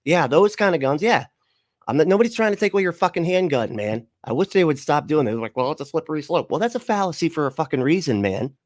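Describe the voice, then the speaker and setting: A man's voice: a little high, expressive, fast talker, darkish tone, dry recording, studio quality. A man hosting a livestream, giving casual reaction commentary in a profane, sarcastic way and laughing often. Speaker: livestream host.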